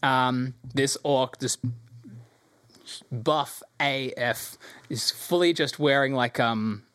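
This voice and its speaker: A man's voice: mid-range voice, takes it slowly, smooth, no echo, studio quality. Man running a tabletop game. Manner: relaxed, filler-heavy narration. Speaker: game master.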